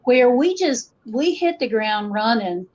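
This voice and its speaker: Heard through muffled, lo-fi audio, this guest folklorist is a middle-aged woman from western North Carolina telling stories in a casual interview. She has an Appalachian Southern accent, a fairly high pitch, and an unhurried delivery, storytelling with liveliness and adjusting her accent to suit listeners.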